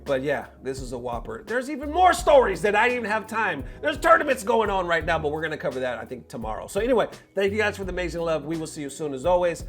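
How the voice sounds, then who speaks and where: A man's voice: high-pitched, sing-song, fast, few pauses, a bit bright, faint music behind. A man hosting a commentary show, talking casually and animatedly straight to his viewers in slangy speech.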